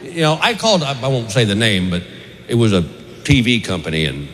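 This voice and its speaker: A man's voice: mid-range voice, big pitch swings, a little fast, long reverb tail. A man doing a stand-up set, telling exasperated, folksy stories. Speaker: stand-up comedian. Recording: live club set with loud crowd and noise. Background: audience laughter.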